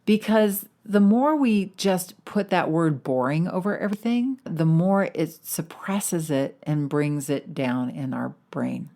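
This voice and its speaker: A middle-aged woman with a low voice who hosts a weight loss coaching podcast. She talks in a chatty, encouraging monologue and leans into key words with animated emphasis. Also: unhurried, few pauses.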